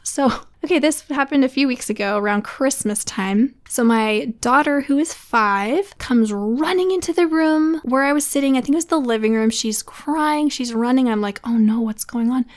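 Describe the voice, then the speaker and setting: A woman in her thirties hosting a casual solo podcast, chatty and encouraging as she talks to other mothers. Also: fairly high pitch. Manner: warm, encouraging, chatty with laughs. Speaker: podcast host.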